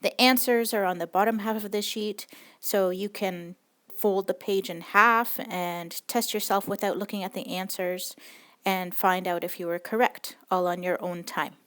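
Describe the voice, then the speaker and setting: A woman's voice: mid-range voice, fairly even intonation, moderate pace, fairly bright tone. A woman teaching a recorded language lesson, explaining rules patiently and step by step.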